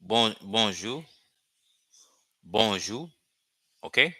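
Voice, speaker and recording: A man teaching a language lesson, repeating phrases slowly and checking in with "okay?" after each point. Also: on the low side, animated, pushed and bright, no echo. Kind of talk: slow explanatory lesson.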